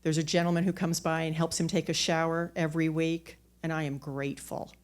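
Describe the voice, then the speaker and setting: A woman's voice: low-pitched, little pitch movement, brisk. A woman telling a personal story on a theater stage into a microphone, candid and self-mocking, often restarting her words.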